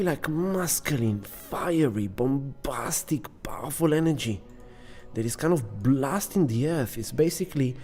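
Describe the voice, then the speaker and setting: A man's voice: medium pitch, a little mellow. A man hosting an astrology channel, explaining an astrology chart in a casual, emphatic way and repeating words for effect.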